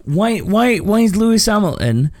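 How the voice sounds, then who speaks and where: A man's voice: sits high, very animated, normal speed, darkish tone, no room sound, studio quality. A tipsy man hosting a casual podcast, swearing and laughing a lot as he rants. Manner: rowdy, swearing, laughing often. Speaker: podcast host.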